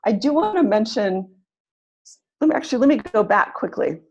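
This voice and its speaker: A woman leading an online teaching webinar, explaining pronunciation slowly and modeling words syllable by syllable. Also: a little high, animated, gravelly, a little mellow, dull audio.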